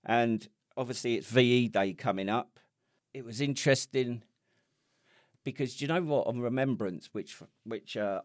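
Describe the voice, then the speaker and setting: Brief: middle-aged English man, lowish voice, rambling sweary podcast banter, dry close sound. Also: no echo. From England. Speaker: podcast co-host. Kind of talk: casual chat.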